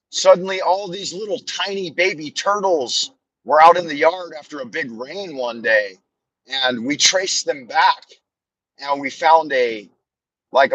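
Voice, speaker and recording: A man's voice: fairly high pitch, fairly bright tone, dry recording, poor audio. A man rambling and telling stories on a live stream from his car while driving, with a meandering, self-deprecating, joking manner. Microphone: phone on a camera mount.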